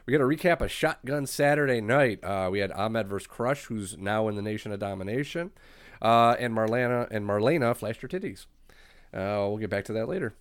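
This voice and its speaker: A man's voice: lowish voice, lively intonation, brisk, clean tone, no echo, clean studio sound. A man co-hosting a podcast, casually running through wrestling match results with frequent "uh"s. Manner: matter-of-fact rundown with filler "uh"s. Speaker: podcast co-host.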